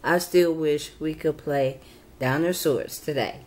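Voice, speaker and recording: A woman's voice: sits low, a little slow, a little mellow. Woman reading as a cheerful little boy. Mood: playful. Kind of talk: reading aloud a children's storybook.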